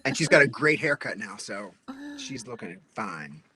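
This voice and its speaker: A man's voice: fairly low pitch, very animated, moderate pace, a crowd in the background. A man co-hosting a live stream, chatting casually in an upbeat, playful way. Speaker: co-host, reverend.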